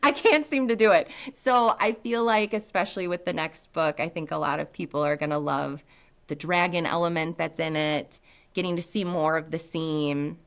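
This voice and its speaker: Chatty American woman guest, lowish voice. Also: moderate pace. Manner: chatty, animated, laughs often. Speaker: guest author. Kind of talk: podcast interview.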